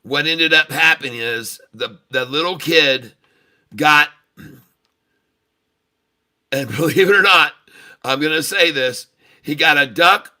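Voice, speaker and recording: A man's voice: a little high, slow pace, pauses often, pushed and bright. A man hosting a trading livestream and telling a bawdy joke in a folksy, chuckling way. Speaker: day-trading livestream host.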